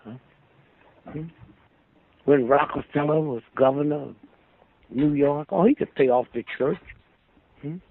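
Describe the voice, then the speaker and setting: An older man, a guest on a phone-line radio call, preaches through long, rambling stories and keeps asking "Hmm?" to get his listener to agree. His voice is on the high side and creaky, unhurried and full of long pauses. There's slight background noise.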